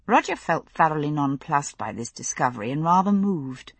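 Woman audiobook narrator, dry close sound, breathy low voice. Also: animated, moderate pace, few pauses, no room sound. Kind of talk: scripted narration.

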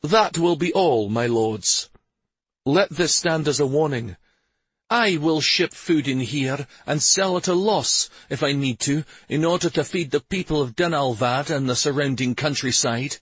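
A man voicing a stern, commanding adult prince who speaks in measured, imperious tones, in a storybook reading. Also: fairly high pitch, a bit bright, breathy edge, dry recording, voice pushed up.

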